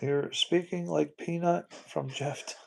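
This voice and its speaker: A man hosting a casual livestream in a gravelly, somewhat high voice. He rambles, repeats words and bursts into disbelieving exclamations. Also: steady tone, slow, a little mellow. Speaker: livestream host.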